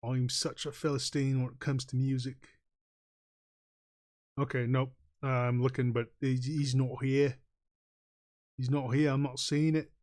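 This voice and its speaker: A man's voice: medium pitch, level tone, a little slow, pauses often, darkish tone. Male streamer, casual drawing-stream chatter, rambling delivery with frequent chuckles and fillers. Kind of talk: casual livestream chat while drawing.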